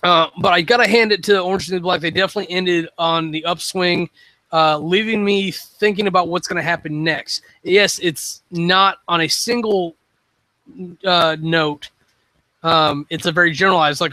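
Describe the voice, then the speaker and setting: Bright-voiced man rambling about shows. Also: sits high, moderate pace, dry recording, poor audio. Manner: rambling, frequent ums and restarts, opinionated. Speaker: web show host. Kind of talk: casual solo podcast review.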